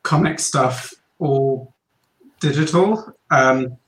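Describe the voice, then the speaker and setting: A man's voice: mid-range voice, drawn-out words. Man, hesitant, self-deprecating, many ums, echoey room. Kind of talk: casual chat.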